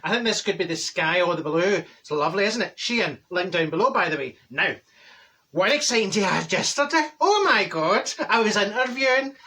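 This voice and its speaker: A man's voice: high-pitched, lively intonation, brisk, bright, forceful tone. Marjorie, a blunt Glaswegian gossip, as a man puts her on. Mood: gossipy. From Glasgow. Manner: gossipy, blunt, self-described people person. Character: brash chatty middle-aged Glaswegian woman. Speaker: comedy character. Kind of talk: character comedy monologue.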